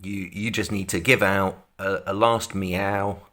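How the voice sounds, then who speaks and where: A man's voice: sits low, steady tone, unhurried, bright, forceful tone. A man co-hosting a livestream, coaxing and pleading in a mock-exasperated way. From Britain. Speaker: livestream co-host. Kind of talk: casual comic chat.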